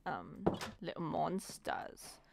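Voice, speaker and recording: A woman talks her way through a game in loose, rambling commentary. Her voice sits on the low side and she takes her time, muttering self-deprecating asides. A faint hiss sits under the recording. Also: very animated, drawn-out words, gravelly. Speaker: let's play gamer. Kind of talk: casual gameplay commentary.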